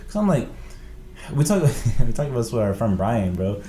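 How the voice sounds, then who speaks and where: A young man in casual podcast chat, animated and packing his talk with "bro" and "like". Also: medium pitch, normal speed, a little hiss or hum. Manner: animated, filler-heavy, says "bro" and "like" constantly. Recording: echoey room.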